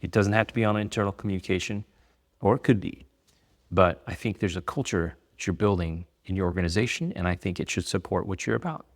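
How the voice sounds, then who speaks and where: A man's voice: sits low, fast talker. A man and business owner giving casual advice to the camera, conversational and rambling, with many fillers. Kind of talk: casual talking-head advice.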